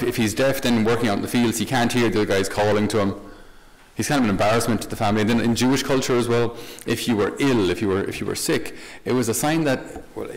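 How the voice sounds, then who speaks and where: A man, a Catholic priest, giving a conversational homily with light humor and questions to the listener. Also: mid-range voice. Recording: long hall reverb.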